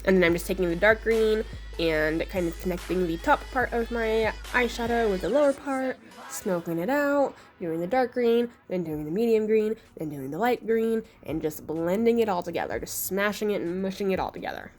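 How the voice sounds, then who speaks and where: A young woman's voice, hoarse and a bit rough from being sick, talks through a makeup tutorial. She keeps it chatty, relaxed and self-deprecating, with soft music playing faintly behind her. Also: medium pitch, normal speed. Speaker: beauty vlogger.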